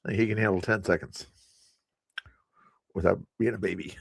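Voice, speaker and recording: Low, dry-voiced man rambling on stream. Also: lively intonation, slow pace, gravelly, husky, no room sound. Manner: rambling, with frequent fillers and chuckles. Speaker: live streamer hosting political commentary. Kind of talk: casual live-stream commentary.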